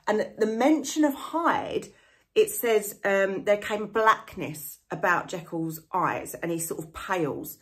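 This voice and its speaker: A woman's voice: mid-range voice, expressive, measured pace, a bit bright. Chatty woman teacher explaining a novel. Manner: chatty, full of "sort of" hedges; paraphrases characters in everyday slang. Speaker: literature teacher. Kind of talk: casual explanatory lesson.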